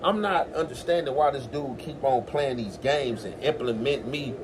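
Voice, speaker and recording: Rich: A man on his own commentary show, defending himself at length and acting out the lines of others as he retells the story. His pitch sits in the middle range, and a faint hiss of noise runs under the voice. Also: normal speed. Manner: defensive, insistent, acts out quotes. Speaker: host. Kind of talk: commentary on a podcast clip.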